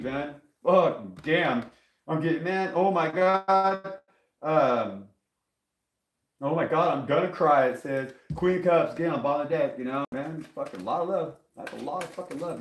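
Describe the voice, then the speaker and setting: A man giving a casual live tarot reading, profane, rambling and excitable, talking from a table. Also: a little high, slight background noise. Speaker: tarot reader on a live stream. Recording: echoey room.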